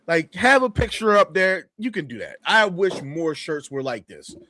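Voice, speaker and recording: A man co-hosts a wrestling review podcast, chatting casually in a halting way, often stopping to restart and laughing easily. His voice is high-pitched, bright, and forceful, with big pitch swings.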